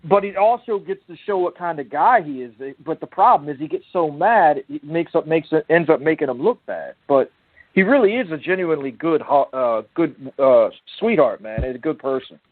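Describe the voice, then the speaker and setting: A podcast co-host on a casual online talk show rambles about a friend, swearing yet sounding earnest. His voice is fairly high with lively intonation at normal speed; the recording is dry, with tinny phone-line audio.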